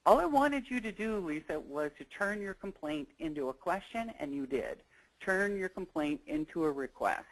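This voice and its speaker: A woman voicing her former male boss, quoting him in a calm, matter-of-fact way during a webinar story. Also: on the low side, normal speed, low-quality recording.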